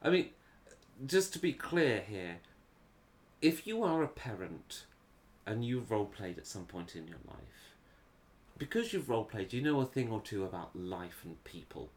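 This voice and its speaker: A man's voice: on the low side, very animated, moderate pace. A tired man co-hosting a casual chat, making dry, wry asides. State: tired, yawning. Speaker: podcast co-host.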